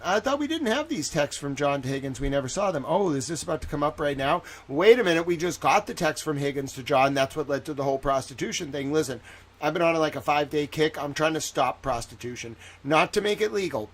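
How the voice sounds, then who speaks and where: Male livestream commentator with a slightly high voice: excitable, rambling, jokey, swears freely.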